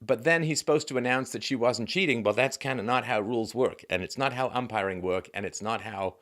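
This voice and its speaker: A man's voice: mid-range voice, brisk, a bit bright. A man hosting a monologue commentary show, talking in a sardonic, musing way with asides.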